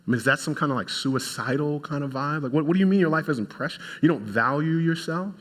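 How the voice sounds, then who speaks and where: A man, a pastor, preaching a sermon in an animated way and talking straight to his congregation. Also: fairly high pitch, quick pace.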